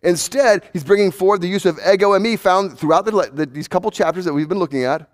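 A male pastor preaching a sermon emphatically, swinging between raised urgency and hushed, low intensity, and repeating words for emphasis. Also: fast talker, few pauses.

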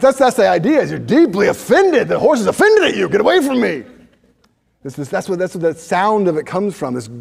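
A man's voice: high voice, gravelly, a little mellow, in a large hall. A man preaching a sermon to his congregation, earnest, often repeating words as he presses a point. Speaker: pastor.

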